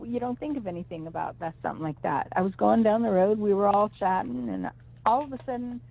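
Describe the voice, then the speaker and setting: A middle-aged woman with a gravelly, creaky voice rambles through a personal story with emphatic restarts. Her voice sits at an ordinary pitch for a woman. It comes through a thin, tinny phone line. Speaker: psychic reader. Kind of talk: personal storytelling on a call-in show.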